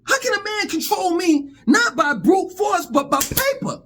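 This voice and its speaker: A man vents in a fiery, profane monologue and keeps tripping over repeated words. His voice sits high and leaps all over the place. He sounds worked up and blunt. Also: animated, fairly quick, fairly bright tone. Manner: heated, profane, stammering repetitions. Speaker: vlogger. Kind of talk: angry monologue rant.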